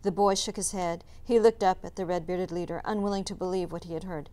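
Calm woman reading a chapter book. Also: fairly low pitch, brisk. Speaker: teacher reading aloud. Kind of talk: storybook read-aloud narration.

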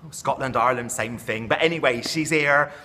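A man's voice: medium pitch, a little fast, sharp tone. A man chatting in character in a comic vlog, with camp, self-promoting showbiz patter, out of breath after dancing in a dance hall. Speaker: comedy character vlogger.

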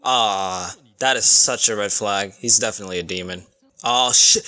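A young man giving casual, excitable reaction commentary, swearing freely and breaking into sudden outbursts. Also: fairly low pitch, moderate pace. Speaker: anime reaction youtuber.

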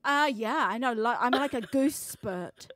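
A woman's voice: on the high side, measured pace, no echo, studio quality. A middle-aged woman, a streamer's mother, joking playfully in casual chat and honking like a goose. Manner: playful, deadpan jokes, honks like a goose.

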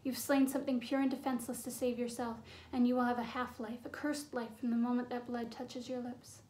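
A woman's voice: fairly high pitch, little pitch movement, brisk, darkish tone, a little hiss or hum, close to an everyday voice. A woman reading aloud, voicing a wise, earnest young male centaur who speaks with grave urgency.

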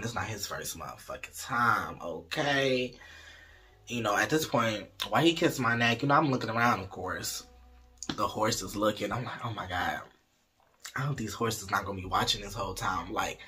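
A man spins a casual storytime tale in a very husky, raspy voice with a bright, forceful edge. He is animated and gossipy, swears freely, and keeps calling his listeners y'all and baby. His pitch sits in an ordinary middle range for a man.

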